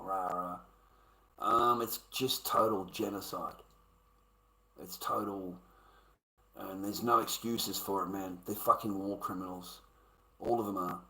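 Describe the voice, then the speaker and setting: A man's voice: deep voice, sharp tone, poor audio. A man ranting bluntly and profanely at his live-stream chat. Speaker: livestreamer.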